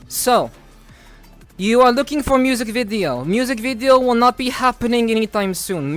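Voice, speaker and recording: A woman streaming live, chatting with her viewers in a deadpan, teasing way with stiff, overly formal phrasing. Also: mid-range voice. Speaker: VTuber streamer. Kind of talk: casual live-stream chat.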